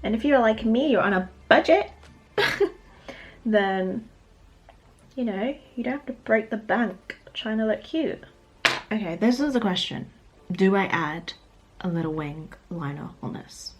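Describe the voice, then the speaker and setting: A woman's voice: mid-range voice, expressive, unhurried, pauses often. A young woman with a British accent chatting casually while doing her makeup, laughing often. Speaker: beauty vlogger. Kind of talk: get-ready-with-me makeup chat.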